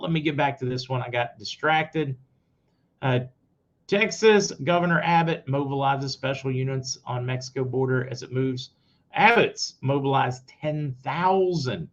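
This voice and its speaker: A man hosting his own news commentary show, giving blunt opinions straight to his viewers. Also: mid-range voice. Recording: slightly dull lo-fi audio.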